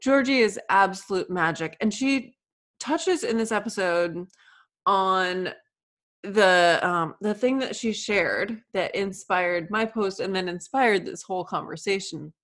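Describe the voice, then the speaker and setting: Woman, podcast host, effusive, affectionate, enthusiastic, middling pitch, remote call. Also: unhurried, a bit bright. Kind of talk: warm, effusive podcast chat. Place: home in Florida. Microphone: remote call recording.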